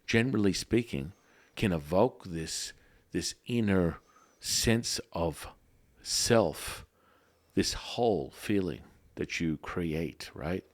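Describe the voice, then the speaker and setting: Brief: deep male voice, playful podcast co-host who likes joking slang. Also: expressive, slow, no echo. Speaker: podcast co-host and Taoist teacher. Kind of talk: casual spiritual podcast chat.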